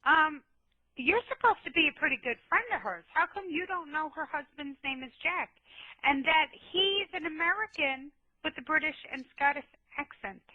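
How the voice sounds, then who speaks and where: A woman's voice: high voice, animated, normal speed, pushed and bright, dry recording. A woman arguing in a voice chat room, confrontational and sarcastic, swearing as she presses her point. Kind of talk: heated voice chat. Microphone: computer mic in voice chat room. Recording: tinny phone-like line.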